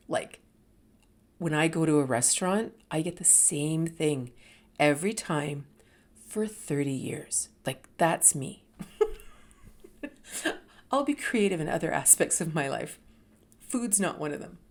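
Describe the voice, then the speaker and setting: A middle-aged woman telling a personal story, animated and dropping to whispers for emphasis. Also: low voice. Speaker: host.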